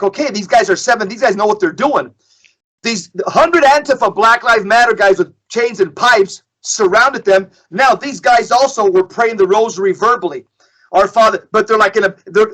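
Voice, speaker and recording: Middle-aged male guest storyteller, high and bright, emphatic, repeats phrases. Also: moderate pace, low-quality recording. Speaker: guest speaker. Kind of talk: storytelling in a podcast discussion.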